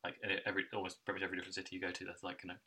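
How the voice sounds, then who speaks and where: Young guy talking super fast, low but bright and sharp, laughs a lot. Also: monotone, husky, recorded from a distance. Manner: rapid, laughing, trailing asides. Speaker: podcast co-host. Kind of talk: casual chat.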